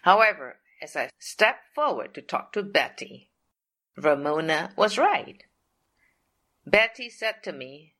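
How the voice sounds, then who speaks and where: A middle-aged woman recounts a personal faith story at a very unhurried pace. Her voice sits fairly low yet sounds bright and forceful. She speaks deliberately and leans on repeated phrases for emphasis. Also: very animated.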